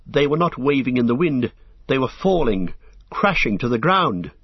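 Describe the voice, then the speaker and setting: A man narrating a storybook with steady, even reading, on a dull lo-fi recording. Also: mid-range voice, normal speed, husky, no room sound. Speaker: audiobook narrator.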